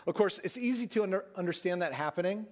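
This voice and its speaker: A man preaching a sermon, telling the story with animated swings and dropping his voice soft for emphasis. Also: high-pitched, fast. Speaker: pastor.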